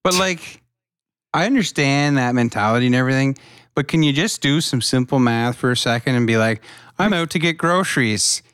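A man's voice: mid-range voice, fairly quick, fairly bright tone, smooth, dry recording, studio quality. A man co-hosting a podcast, reasoning aloud in casual chat. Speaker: podcast co-host.

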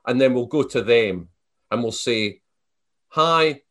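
A man's voice: mid-range voice, moderate pace. A Scottish man being interviewed, telling stories casually with frequent restarts and fillers. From Scotland. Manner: storytelling, animated, many restarts and fillers. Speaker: guest.

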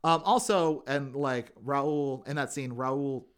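Male podcast co-host, casual recapper, animated storyteller who voices quotes. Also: medium pitch, slow pace, clear, resonant tone. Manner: animated retelling, acts out quotes in funny voices. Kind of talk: casual chat.

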